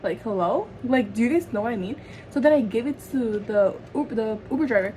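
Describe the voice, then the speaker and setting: A woman's voice: fairly high pitch, brisk, rough recording. Chatty teen girl with background hiss. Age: teens. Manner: rambling, chatty storytelling with constant fillers. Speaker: vlogger. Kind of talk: get-ready-with-me chat. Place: home, doing makeup. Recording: steady background noise.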